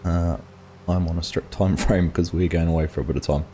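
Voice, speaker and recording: A man's voice: deep voice, steady tone, fairly quick, warm tone, slight background noise. An Australian man hosting a live game stream, casually chatting and greeting viewers in chat by name as he plays. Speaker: gaming streamer host.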